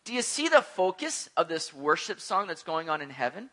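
A man preaching a sermon as a pastor, animated, with joking asides. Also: a little high, moderate pace.

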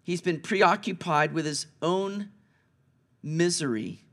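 A man pastor preaching an Easter sermon, moving between hushed, slow passages and raised, urgent ones. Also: fairly high pitch.

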